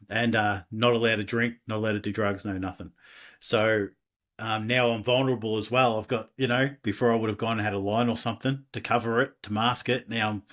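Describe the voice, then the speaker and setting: A middle-aged man, a podcast guest, candidly telling his life story in a rambling way with many restarts. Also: fairly low pitch. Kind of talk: personal storytelling in an interview.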